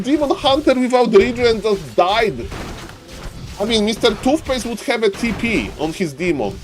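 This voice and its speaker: A man casting a strategy game live, excitable and joking, often breaking into laughter. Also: very high voice, normal speed. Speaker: game caster.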